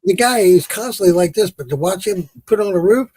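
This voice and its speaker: A man with a slightly high, husky voice tells stories in casual chat. He laughs often, swears freely and acts out what people said. The sound is dry and close to the mic. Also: lively intonation, brisk, mellow, dry recording. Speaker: podcast host.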